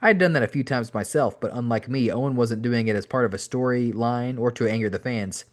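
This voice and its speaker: A man's voice: mid-range voice, a little fast. A man, a podcast host, reading an audiobook aloud in an amateur style, now and then correcting his own slips. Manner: steady reading with occasional self-corrections.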